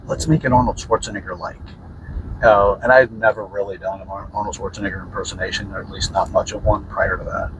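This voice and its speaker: A man's voice: low voice, level tone, fast, few pauses, background noise. A man hosting a podcast, telling a story casually, rambling and correcting himself with many fillers. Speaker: podcast host.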